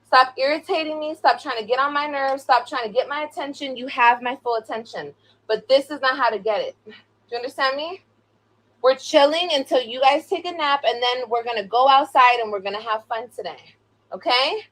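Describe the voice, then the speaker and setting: A woman's voice: high voice, a little fast, fairly bright tone. A young woman on a casual live stream, blunt and profane, scolding her children between complaints about critics. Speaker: livestreamer.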